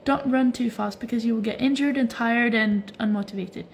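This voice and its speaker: This livestream host is a young woman at home, stretching as she answers viewers' comments on her phone. Her voice sits on the high side and is gravelly, moving at normal speed over a little hiss or hum, and her talk is relaxed and chatty with many "like" fillers.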